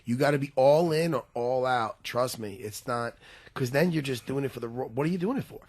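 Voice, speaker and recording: A man in his forties, co-hosting a podcast in casual, animated chat, full of restarts and swearing. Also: medium pitch. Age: 40s. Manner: animated, swearing, talks in quick bursts with restarts. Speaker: podcast co-host.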